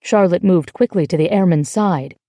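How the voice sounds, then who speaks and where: A woman narrating an audiobook in an even, measured storytelling manner, recorded on a close mic. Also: fairly low pitch, no echo. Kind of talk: scripted narration.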